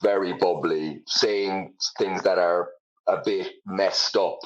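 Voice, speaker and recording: A man's voice: low voice, steady tone, slow pace, muffled recording. A young Irish man, a comedian, chatting casually in an interview, self-deprecating, with lots of fillers. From Ireland. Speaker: comedian guest.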